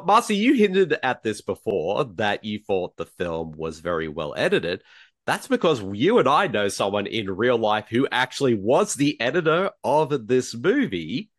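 A podcast host chats casually and laughs a lot, his mid-range voice carrying a fairly bright tone. The recording is dry and clean, with studio-quality sound.

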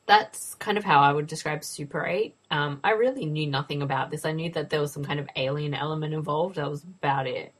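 A woman hosting a casual movie review podcast, relaxed as she leads the discussion. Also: sits low, brisk, hardly any pauses, breathy edge. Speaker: podcast host.

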